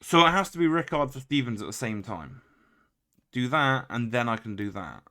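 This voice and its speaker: A man's voice: medium pitch, expressive, moderate pace, sharp tone. A man giving casual, wry play-by-play commentary on his own video game, full of exasperated, self-mocking asides.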